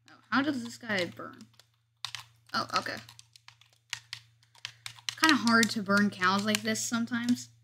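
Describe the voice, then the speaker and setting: A woman hosts her own gameplay video, talking through each step in a casual, chatty way. She pokes fun at her own mistakes as she goes. Her voice sits a little high, and faint keyboard and mouse clicks run underneath. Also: measured pace, pauses often, background noise. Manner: chatty, narrates every move, jokes about herself.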